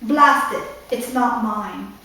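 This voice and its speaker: Woman reads as an injured army commander in shock, slow dazed cursing, fairly high voice, echoey room, mic kept at a distance. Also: sharp tone. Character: wounded male British army commander in shock.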